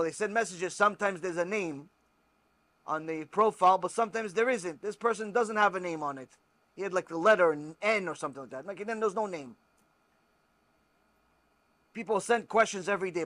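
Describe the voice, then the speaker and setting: A rabbi teaching religious law and telling stories, emphatic and repetitive. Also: male voice, high voice, fairly quick, long pauses. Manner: emphatic, repetitive, animated storyteller.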